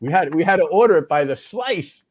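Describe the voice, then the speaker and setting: A man's voice: fairly high pitch, animated, a little fast, breathy edge, no room sound. A man, a guest on a livestream chat, who tells stories with animation and acts out the dialogue. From New York, Long Island. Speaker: guest, war veteran living in Russia.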